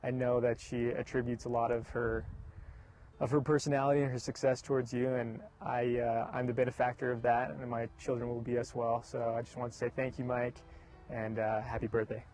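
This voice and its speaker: A man's voice: mid-range voice, flat delivery, brisk, darkish tone, faint music behind. A man giving a hesitant, earnest thank-you birthday message to his father-in-law. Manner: hesitant, earnest, many fillers. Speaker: son-in-law. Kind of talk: personal video message.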